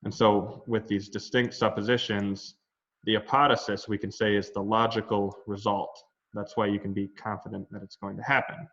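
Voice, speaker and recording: A man's voice: lowish voice, fairly bright tone. A man teaching a Latin grammar lesson in an online class, explaining in a loose conversational way with asides. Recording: dull lo-fi online class audio.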